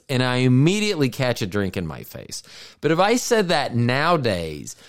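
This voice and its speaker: A man's voice: medium pitch, wildly swooping pitch, moderate pace, clean tone. A man co-hosting a podcast in casual chat, telling stories in a rambling way with many asides and restarts. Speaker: podcast co-host.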